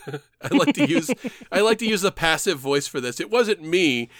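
A man's voice: a little high, sing-song, normal speed, fairly bright tone, dry recording, studio quality. A man telling a long, rambling story in casual chat, swearing freely and laughing as he goes.

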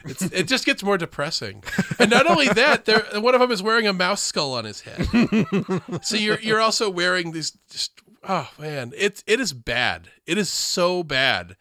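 A man in casual podcast chat reviewing a movie, sarcastic and animated, acting out lines in squeaky voices. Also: moderate pace, dry recording. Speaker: podcast co-host.

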